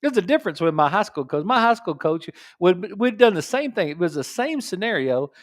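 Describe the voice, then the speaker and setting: A middle-aged man, hosting a live radio talk show from a studio and telling stories in a casual, animated way with frequent laughs. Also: high voice, fairly quick. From New Mexico. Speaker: radio show host and chiropractor.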